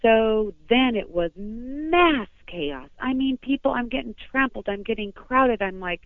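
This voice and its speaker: A woman's voice: fairly high pitch, expressive, a little slow, few pauses, no echo. A woman from Southern California, a phone-in guest, giving an emotional first-person account in a rambling, breathless way with many restarts. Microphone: telephone. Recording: tinny phone line.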